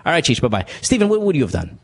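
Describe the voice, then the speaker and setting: A man's voice: on the high side, wildly swooping pitch, racing, breathy edge. A man hosting a radio advice show, joking and teasing his callers and staff. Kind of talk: casual advice chat with callers.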